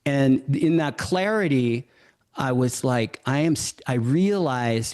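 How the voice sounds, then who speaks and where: A man hosting a yoga podcast tells a story at a mid pitch, in a reflective way. He often restarts and reframes his thoughts as he goes. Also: expressive, slow, a little mellow. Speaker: yoga teacher and podcast host. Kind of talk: live podcast talk, personal storytelling.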